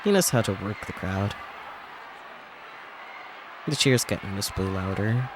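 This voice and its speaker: A man's voice: on the low side, very animated, moderate pace, long pauses, slight background noise. A male streamer reading a visual novel aloud, with casual asides between the lines. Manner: reads narration, breaks off for casual asides. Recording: game music playing under the voice.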